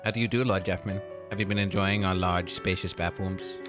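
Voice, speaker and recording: A man voicing a polite, formal doll maid who speaks in a flat monotone. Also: sits low, a little fast, music in the background, lightly acted.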